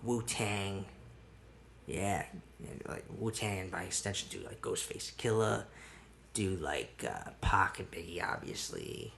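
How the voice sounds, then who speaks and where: A man's voice: low-pitched, very animated, unhurried, vocal fry, a bit bright, a little hiss or hum. A man hosting a solo podcast in casual chat, rambling with restarts and casual swearing. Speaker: podcast host.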